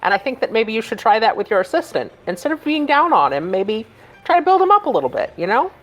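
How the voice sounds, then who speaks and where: Woman player, lowish voice, very animated, chatty. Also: fast talker. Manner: friendly, chatty. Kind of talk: casual tabletop game play.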